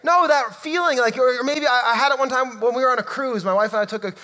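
A man preaching a sermon in a church, emphatic and swinging between loud outbursts and hushed lines. His voice sits high for a man, and the room rings with a long reverb. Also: racing. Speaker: pastor.

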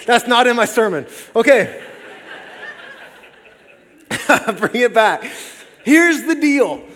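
Male pastor, 40s, high voice, lively conversational sermon with humor, hall reverb. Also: slow. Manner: lively, conversational preaching with jokey asides. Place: church sanctuary. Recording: long reverb of a large hall.

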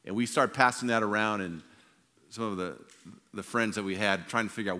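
A pastor in his sixties preaches with a bright, forceful voice that carries a long reverb through a large hall. He tells stories, at times loud and then dropping to a near hush. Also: fairly low pitch, lively intonation, fast. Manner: storytelling, swings from loud to hushed. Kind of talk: sermon.

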